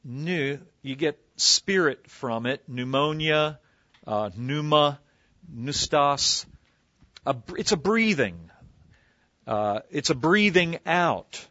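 A pastor giving an expository sermon in a conversational teaching manner, explaining word origins with asides. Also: male voice, on the high side, a bit bright, no room sound. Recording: slightly dull lo-fi recording.

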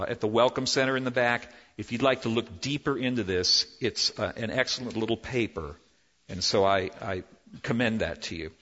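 A man preaching a sermon as pastor, animated, swinging between loud emphasis and hushed, slow lines. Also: mid-range voice. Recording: dull lo-fi with long hall reverb.

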